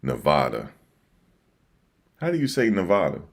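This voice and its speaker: Using a desk microphone, an East Coast-accented livestream host with a bass voice talks at normal speed. His casual reaction to the election news is slangy and repetitive.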